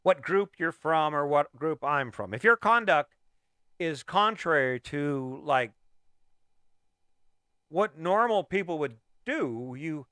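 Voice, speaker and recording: A man's voice: a little high, expressive, takes it slowly, pauses often, pushed and bright, clear, resonant tone, dry recording, studio quality. A middle-aged man hosting a motivational podcast, talking emphatically and firing off repeated rhetorical questions. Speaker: podcast host.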